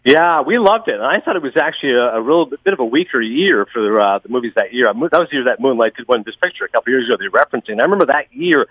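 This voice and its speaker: A man talking about films on a podcast, fast and enthusiastic, with lots of opinions. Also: mid-range voice, animated, no room sound, narrow, tinny audio. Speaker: podcast guest, film critic. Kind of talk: casual podcast chat.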